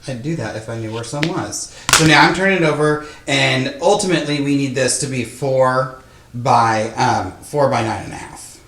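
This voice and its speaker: A man's voice: medium pitch, normal speed, a bit bright, slight background noise. Chatty man teaching quilting in an echoey room. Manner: chatty, self-deprecating, thinking aloud with fillers. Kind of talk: casual sewing tutorial. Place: sewing room, indoors. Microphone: microphone close to his face.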